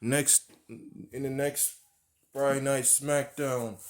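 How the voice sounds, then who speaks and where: A man's voice: mid-range voice, fairly even intonation, takes it slowly. A man rambling through a wrestling storyline he invented, full of restarts and repeated words. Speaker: wrestling fan booking storylines. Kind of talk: rambling fantasy booking monologue.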